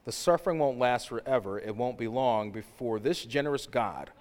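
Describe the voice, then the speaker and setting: A man preaching a sermon in an animated, casual way, slipping into slang and rising to shouts. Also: mid-range voice, normal speed. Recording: long hall reverb.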